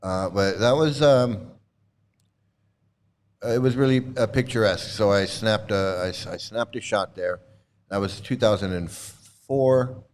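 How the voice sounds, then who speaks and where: A middle-aged livestream host chats casually while showing old photos, laughing often. His speech halts with many fillers and restarts, and his voice is on the low side, clear and resonant.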